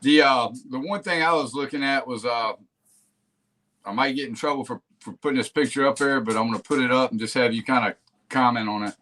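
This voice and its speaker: A man hosting a casual live interview stream, with a middle-pitched, everyday voice. He talks in a loose, friendly way, often restarting and repeating words mid-thought. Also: a little fast, pushed and bright, a little hiss or hum. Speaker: host.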